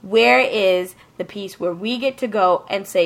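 A woman's voice: medium pitch, a little slow, vocal fry, few pauses. A woman co-hosting a casual chat, emphatic and ranting, swearing freely.

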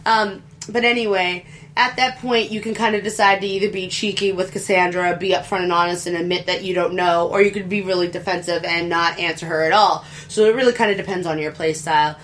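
A woman's voice: on the low side, fairly even intonation, a little fast, fairly bright tone, slight background noise. A woman in casual chat about a video game, rambling and chatty with crude humor.

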